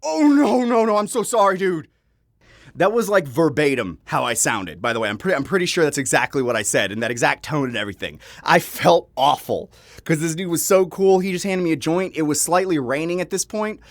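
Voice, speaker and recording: A man's voice: fairly high pitch, lively intonation, fairly quick, no echo. A young man telling a personal story in a casual vlog, rambling with frequent laughs and restarts, swearing now and then. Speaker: vlogger. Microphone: home microphone.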